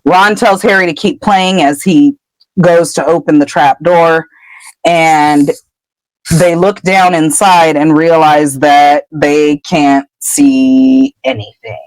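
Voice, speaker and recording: A woman's voice: low voice, fairly even intonation, slow pace, dry recording, rough recording. A woman podcast host casually retelling a book chapter in a chatty way. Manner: chatty, breaks into character voices.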